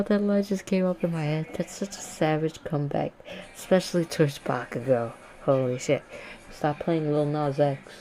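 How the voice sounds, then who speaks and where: Woman, low voice, rambling, jokey casual storyteller. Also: a little mellow. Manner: rambling, jokey, self-correcting. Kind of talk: casual fan-fiction retelling.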